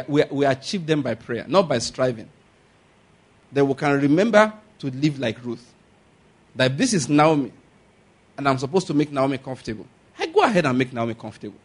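A man's voice: on the high side, husky. A man preaching a sermon, asking the congregation for amens and whether they follow. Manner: animated preaching with call-and-response questions. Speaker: pastor.

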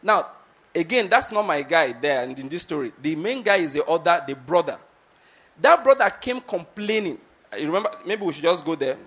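A man's voice: a little high, animated, normal speed, a bit bright, husky. A man preaching a sermon, retelling a scripture story and often asking his listeners whether they follow his point.

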